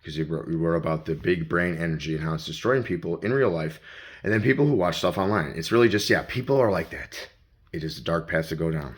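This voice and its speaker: Low-voiced man rambling to himself. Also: fast, husky. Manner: talks to himself in second person, profane. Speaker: vlogger. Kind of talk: rambling self-talk vlog. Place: around his home and garage. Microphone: handheld phone.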